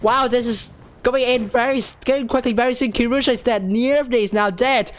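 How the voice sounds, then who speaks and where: An esports caster calling a live match play-by-play in rapid, excited bursts that climb higher, straining and losing their voice.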